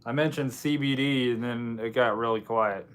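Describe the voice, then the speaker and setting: A man's voice: medium pitch, moderate pace, clean tone. A man hosting a casual livestream, chatting with viewers in a rambling, self-deprecating way. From United States. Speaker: livestream host. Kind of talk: casual live chat with viewers.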